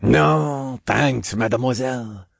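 A man's voice: mid-range voice, slow pace, creaky, slightly rough, no echo, studio quality, voice pushed up, full character voice. Man doing an old-school French pilot, thick accent, courtly. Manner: courtly and polite.

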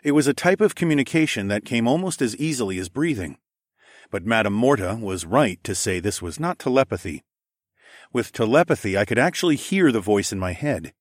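A man narrating a first-person fantasy audiobook in a measured, even storytelling manner. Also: on the low side, dry recording, clean studio sound.

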